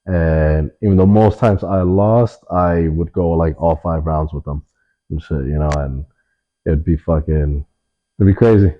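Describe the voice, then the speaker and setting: A young man telling stories in a relaxed interview, swearing often and leaning on fillers. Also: deep voice, a little slow, lo-fi sound. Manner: laid-back, swears a lot, many fillers. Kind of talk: casual storytelling in an interview.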